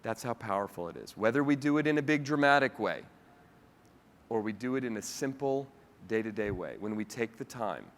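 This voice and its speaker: A man's voice: medium pitch, brisk. A man giving a keynote speech, telling a personal story with feeling and acting out the voices of the people in it. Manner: lively storyteller who acts out quoted dialogue. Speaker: keynote speaker. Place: large hall with a live audience. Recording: long hall reverb.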